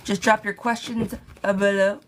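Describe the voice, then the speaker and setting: A woman's voice: medium pitch, little pitch movement, normal speed, noisy background. A woman giving yes-or-no tarot readings on a livestream, chatting casually as she reads viewer questions aloud and thanks commenters. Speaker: tarot reader.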